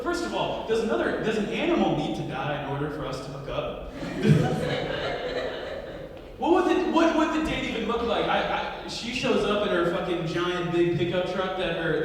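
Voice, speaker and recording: A man from Louisiana hosting a comedy show, telling a crude story in a lively stand-up manner. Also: high voice, slight background noise. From Louisiana, US South. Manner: lively, crude, swings from quiet to loud. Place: comedy club. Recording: echoey club, mic far off.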